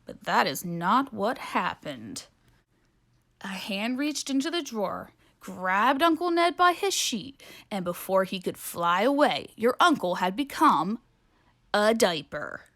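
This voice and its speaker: A woman reading a children's picture book aloud with playful, expressive narration. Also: mid-range voice, slow pace. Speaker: storybook reader.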